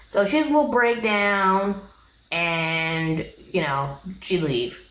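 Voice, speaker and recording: A woman's voice: mid-range voice, slow, fairly bright tone, echoey room, poor audio. A woman giving a casual, blunt, sassy recap of a reality show, talking straight to her viewers.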